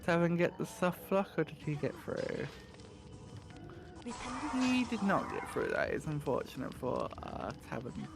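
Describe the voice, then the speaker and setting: A man's voice: on the high side, very animated, unhurried, creaky, over music. A man commentating a speedrun in casual chat, teasing his co-host and talking to chat.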